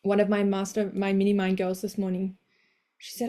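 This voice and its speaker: Warm, blunt motivational woman coach. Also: mid-range voice, moderate pace. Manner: energetic, blunt, swears casually, cheers listeners on. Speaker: women's coach hosting a live session. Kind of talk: motivational live talk.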